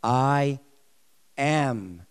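A man preaching, voicing God in a slow, deep and solemn voice. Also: animated, clean tone, no echo. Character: God speaking, solemn and majestic.

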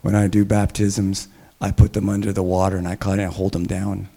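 A man doing an impression of an older male pastor with a deep, booming voice, telling a story in a slow, matter-of-fact way. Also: monotone, gravelly, dark tone.

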